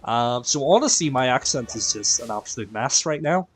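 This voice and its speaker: Tired Northern Irish game streamer, chatty. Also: male voice, medium pitch, expressive, moderate pace, soft background music. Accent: mixed Northern Irish. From Northern Ireland. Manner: chatty, greets viewers by name, self-deprecating. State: tired and quieter than usual. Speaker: live-stream raid host. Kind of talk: casual live-stream chat.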